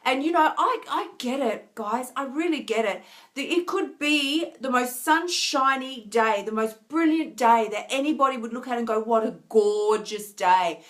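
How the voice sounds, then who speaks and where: A tired, emotional woman coach talking earnestly to viewers on a live stream, restarting often and laughing softly. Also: high-pitched, normal speed. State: tired, near tears. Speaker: wellness coach.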